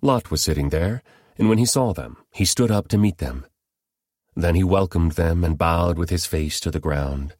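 A man reads scripture aloud in a steady, measured way. His voice is very deep. The recording is close and dry. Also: no echo. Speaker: scripture reader. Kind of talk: scripture reading.

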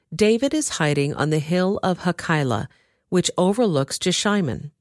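A woman reading scripture aloud in a steady, measured way. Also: low voice, no room sound, clean studio sound. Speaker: scripture reader. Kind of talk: Bible reading.

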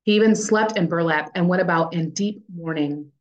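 A woman reads scripture in a clear, measured way for a daily Bible plan. Her voice sits a little low for a woman. The reading is scripted and steady. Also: muffled recording. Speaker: scripture reader and podcast cohost.

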